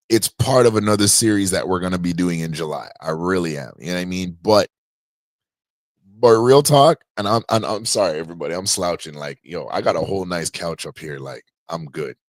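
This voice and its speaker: A man's voice: low-pitched, no room sound. A man hosting a livestream podcast from a home podcast room, chatting loosely and jokingly with slang. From Canada. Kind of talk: casual livestream chat.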